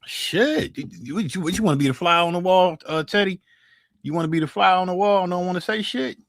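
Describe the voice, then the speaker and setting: A man's voice: high-pitched, quick pace, vocal fry, no echo, studio quality. A man in his sixties with a Philadelphia accent, chatting loosely and profanely with his livestream viewers, full of restarts and jokes. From North Philadelphia, USA. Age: 60s. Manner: loose, profane, joking street talk with frequent restarts. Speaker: livestream beatmaker host. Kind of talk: casual livestream chat with viewers.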